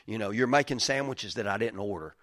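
A gentle, soft-spoken male teacher, as a preacher puts him on talks in a hushed, lower, tender voice. The words come quietly and kindly, and the voice stays close to the man's own. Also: expressive, fast talker, lightly acted.

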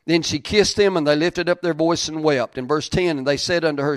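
A man's voice: a little high, a little fast, few pauses, no echo, clean studio sound. A man preaching a sermon, reading old-style scripture aloud and repeating key lines for emphasis.

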